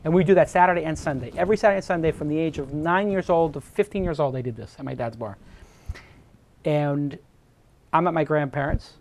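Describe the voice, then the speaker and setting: A man's voice: fairly high pitch, brisk. New york guy hosting a chat show, telling a story all earnest and emotional, keeps restarting sentences. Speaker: host. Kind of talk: casual chat.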